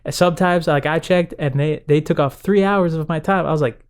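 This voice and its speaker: Animated young man, higher voice. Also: fairly quick, clean tone. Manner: animated storyteller, acts out quotes, laughs often. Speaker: podcast co-host. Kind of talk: casual chat.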